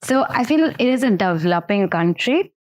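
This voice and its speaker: A woman with an Indian accent in a relaxed podcast conversation. She speaks earnestly and states her views plainly and firmly. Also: mid-range voice, normal speed. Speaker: podcast guest, entrepreneur. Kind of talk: casual podcast chat.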